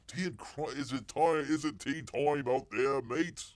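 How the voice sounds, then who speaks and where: A man's voice: medium pitch, unhurried, no room sound, voice pushed up, lightly acted. A man putting on an over-the-top fake Cockney accent as a jokey British greeter, in an exaggerated singsong way. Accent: mock Cockney English.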